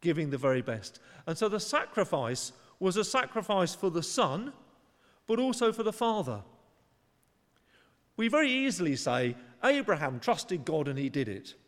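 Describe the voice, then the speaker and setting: A man's voice: sits high, very animated, normal speed, a bit bright, big-room sound. A man preaching a sermon in an earnest, conversational way, sometimes acting out short voices for emphasis. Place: church.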